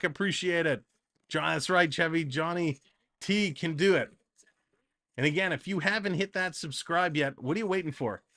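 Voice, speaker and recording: A man hosting a live hockey stream, calling the play-by-play and chatting with viewers in the comments. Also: fairly high pitch. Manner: chatty, excitable, reads viewer comments between calls. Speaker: livestream play-by-play host. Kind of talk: live play-by-play and chat reading.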